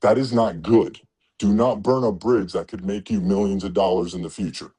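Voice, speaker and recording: His voice is lowish, warm and steady with a breathy edge, moving at a normal speed. Still coaching truckers, he swears freely, speaks bluntly, and dramatizes the conversations he quotes.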